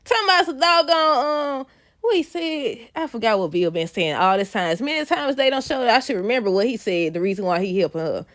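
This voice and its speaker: A woman recapping a soap opera episode in a casual vlog, animated and laughing often. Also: fairly high pitch, fairly quick, no room sound, clean studio sound. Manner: animated, laughs often, addresses viewers as y'all.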